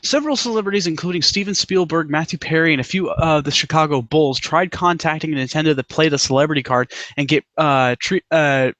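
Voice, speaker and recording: A man's voice: a little high, a little fast, hardly any pauses, fairly bright tone, dry recording. A man hosting a podcast in casual chat, reading out trivia in an easygoing way and laughing often. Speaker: podcast host.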